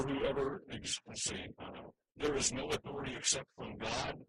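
Earnest bright-voiced male preacher. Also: medium pitch, husky, low-quality recording. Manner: earnest, emphatic preaching with restarts. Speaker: pastor. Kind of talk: sermon.

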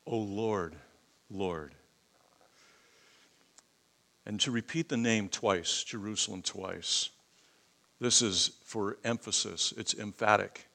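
A middle-aged man preaching a sermon, swelling loud and high to stress points, leading prayer and teaching from the Bible. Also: fairly even intonation, measured pace, gravelly. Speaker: pastor.

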